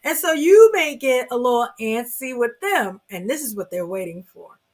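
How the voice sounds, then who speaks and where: A woman's voice: on the high side, lively intonation, normal speed. A woman giving earnest, emphatic relationship advice straight to her viewers, often saying "you know" and "oh my goodness.". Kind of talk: earnest advice talk to camera.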